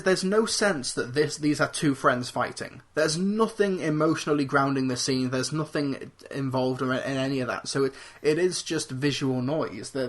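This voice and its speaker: Rambling male movie podcaster, slightly high. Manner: rambling, restarts often, quotes lines in put-on voices. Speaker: podcast co-host. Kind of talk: casual movie review chat.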